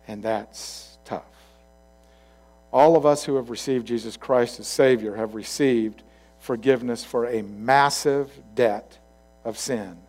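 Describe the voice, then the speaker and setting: A male pastor with a medium-pitched voice preaches in a conversational, storytelling style, going from loud passages to quiet asides.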